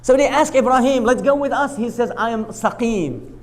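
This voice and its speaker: A man's voice: extremely high pitch, moderate pace. A man giving a storytelling lecture at a mosque, acting out the quoted speech, with non-native English grammar. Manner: animated retelling that acts out quoted speech. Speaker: lecturer at a mosque family night.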